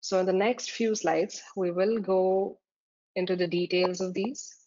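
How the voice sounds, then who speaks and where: A woman's voice: medium pitch, steady tone, measured pace, warm tone. A woman tutor giving a slide-based lecture, explaining terms step by step with frequent "uh" fillers. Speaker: exam tutor. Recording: dull lo-fi recording.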